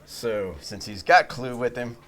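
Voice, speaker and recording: A man narrating a tabletop game as game master, at an ordinary middle pitch. He talks loosely and rambles, filling gaps with "um" and "uh" as he sets the scene. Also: expressive, measured pace, over a noisy crowd. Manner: rambling, loose, with many fillers.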